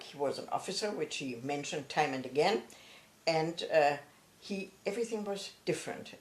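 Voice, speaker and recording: An older woman from Germany, recounting her own memories in a halting, reflective way with frequent pauses and fillers. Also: low voice, reverberant. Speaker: author and retired professor. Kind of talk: personal recollection.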